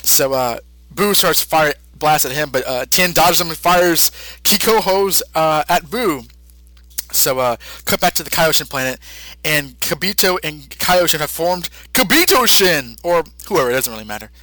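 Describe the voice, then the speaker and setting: A man's voice: on the high side, expressive, moderate pace, pushed and bright, dry recording, poor audio. A man co-hosting a podcast, casually recapping a story with lots of fillers and frequent laughs. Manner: chatty, many fillers, laughs often. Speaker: podcast co-host.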